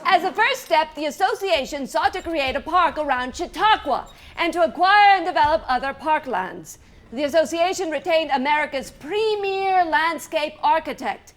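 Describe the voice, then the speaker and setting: A woman's voice: high-pitched, a bit bright. A woman narrating historical events in an earnest, declamatory stage manner. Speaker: narrator in a theater piece.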